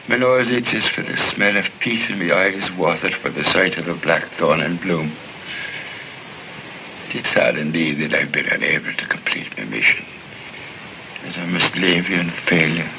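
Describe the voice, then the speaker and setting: A gravelly old Irish leprechaun. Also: male voice, low voice. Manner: lilting, courtly and sentimental. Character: wistful old male leprechaun, gentle and sly. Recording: dull 1940s film soundtrack with hiss.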